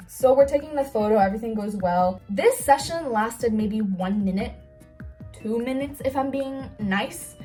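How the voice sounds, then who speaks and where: A young woman telling a story in a casual get-ready-with-me vlog, gushing and excitable, with lots of "like"s. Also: medium pitch. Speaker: cosplay vlogger.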